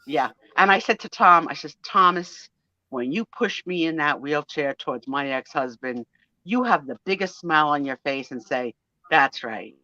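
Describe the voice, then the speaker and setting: A woman in her sixties talks in a bright, forward voice, her pitch leaping up and down as she tells her stories. She acts out the other people in them. The sound is dry and a little dull, as from a home stream. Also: no echo. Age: 60s. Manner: animated storyteller, acts out quoted voices. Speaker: co-host of a live sale and chat stream. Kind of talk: casual chat.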